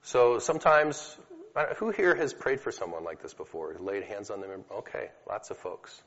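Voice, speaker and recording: A man's voice: on the low side, moderate pace, a bit bright. A man giving a conversational teaching talk to an audience, telling stories casually with fillers. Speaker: speaker teaching about healing prayer. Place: hall with a live audience. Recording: dull lo-fi recording in an echoey hall.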